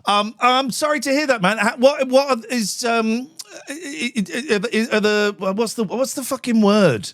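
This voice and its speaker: A man's voice: very high voice, measured pace, a bit bright. A man hosting a live call-in stream, brash and sweary, bantering with callers.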